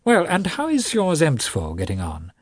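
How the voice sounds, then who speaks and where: A lofty, lecturing elder brother, read by a man in a husky voice, talking down with measured weight. The tone rises and falls widely, the delivery slow at times. The sound is close and dry. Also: fairly high pitch, huge pitch swings, no echo, pitched above the performer's own voice, full character voice. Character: patronizing elder brother, learned middle-aged man.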